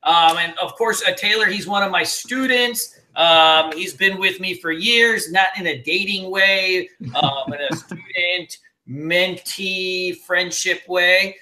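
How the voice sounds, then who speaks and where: Man, webinar host, high voice, bright tone, energetic, joking, filler-heavy casual chat. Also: slow pace, a little hiss or hum. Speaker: webinar host and trading mentor. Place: home.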